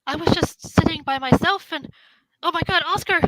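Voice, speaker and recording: A woman voicing a thin, confused, excitable young woman who stammers and exclaims breathlessly. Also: very high voice, brisk, no echo, voice pushed up, rough recording. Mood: flustered.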